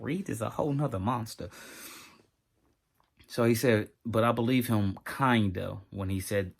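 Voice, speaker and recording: Casual man reviewing a TV episode. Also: lowish voice. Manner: animated, talks straight to viewers, scolds his dog.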